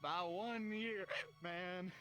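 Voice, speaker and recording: A man's voice: high voice, steady tone, drawn-out words, music in the background. A man voicing a surly young male drunk in a fantasy camp, with slurred, grumbling speech full of curses.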